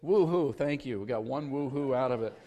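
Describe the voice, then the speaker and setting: A man's voice: mid-range voice, fairly quick, dark tone. A middle-aged man preaching a sermon as a pastor, with a conversational, folksy storytelling manner and touches of humor. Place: church sanctuary. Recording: long church reverb.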